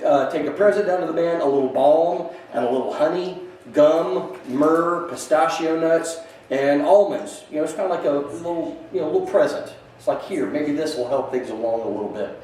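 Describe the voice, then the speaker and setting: A man's voice: fairly high pitch, moderate pace, darkish tone, slight background noise. A man teaching a church Bible class in a conversational way, often restarting his sentences and reading scripture aloud. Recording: echoey room from a distance.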